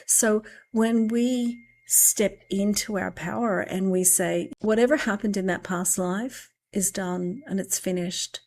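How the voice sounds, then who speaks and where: A woman in a reflective spiritual conversation, slowly telling of a meditation with drawn-out, musing pauses. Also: fairly low pitch, creaky, a little mellow. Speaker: spiritual podcast speaker.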